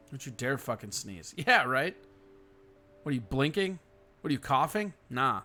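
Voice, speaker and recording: A man at a mid-range pitch runs a laid-back livestream, reading out chat messages and firing back blunt, swear-heavy replies. He sighs and yawns between thoughts. Faint music plays underneath. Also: very animated, moderate pace, pauses often, pushed and bright. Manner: profane, blunt, reacts to chat comments; frequent yawning and sighing.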